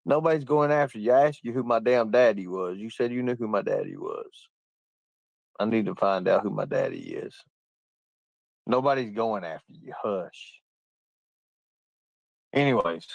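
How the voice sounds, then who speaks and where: A man's voice: fairly low pitch, normal speed, creaky, long pauses, no room sound, muffled recording. A man telling profane stories through bursts of laughter while he chats on a livestream and reads out comments. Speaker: livestream host. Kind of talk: casual livestream chat reading comments.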